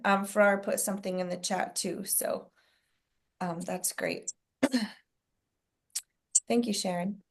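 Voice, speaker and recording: A woman hosts a group video call and talks her team through a coaching point. She is encouraging and loose, with plenty of ums and the odd clearing of her throat, and her voice sits in an ordinary middle range. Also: medium pitch. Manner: encouraging, frequent fillers, clears throat often.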